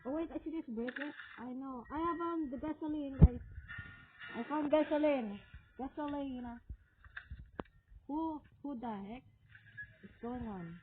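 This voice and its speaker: A woman streamer giving excitable casual commentary while playing a game, calling out to viewers. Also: sits high, a little slow, long pauses. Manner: excitable, frequent exclamations, talks to viewers. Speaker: gamer streamer. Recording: tinny phone-like audio with noise.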